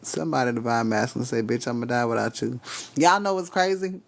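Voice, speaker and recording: Gravelly, profane live-streaming man. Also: mid-range voice, brisk. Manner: profane, laughing, talks straight to the chat. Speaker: live-stream spiritual reader. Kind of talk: casual live-stream chat.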